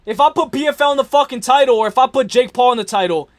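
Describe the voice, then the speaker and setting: A young man hosting a livestream, ranting hard about fights, repeating himself, swearing and yelling at times. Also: very high voice, fast talker. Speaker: livestream host. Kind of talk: heated livestream rant.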